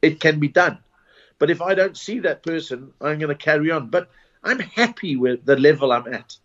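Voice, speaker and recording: Rambling South African comedian. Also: male voice, a little high, expressive, moderate pace. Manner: rambling anecdotes with false starts and laughs. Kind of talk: casual interview storytelling. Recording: dull lo-fi recording.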